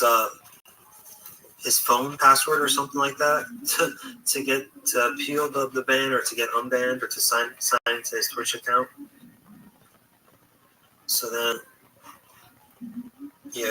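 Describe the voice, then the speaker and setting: A man's voice: medium pitch, sharp tone, recorded from a distance, poor audio. A man hosting a livestream, telling a story in a rambling, hesitant way with many restarts. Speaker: livestream host. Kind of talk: casual storytelling chat.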